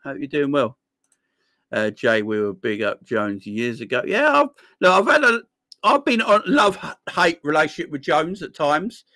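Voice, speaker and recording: A man's voice: a little high, sing-song, normal speed, pushed and bright, no room sound. A man hosting a casual live chat, reading viewer comments aloud, laughing often and calling people "my friend.". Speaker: livestream host.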